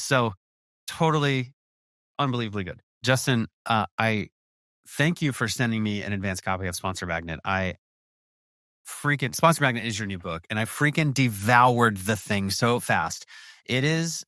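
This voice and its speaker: An American man hosts a podcast interview, gushing with enthusiasm and often restarting his sentences. His medium-pitched voice moves in a lively way at a moderate pace, bright and forceful. The recording is clean studio audio with no room sound.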